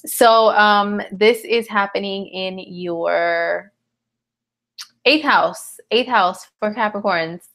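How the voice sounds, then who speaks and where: A woman's voice: medium pitch, slow, fairly bright tone. A tired woman hosting a casual live astrology chat, talking in a slangy, chatty way and answering viewer comments. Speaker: astrologer host.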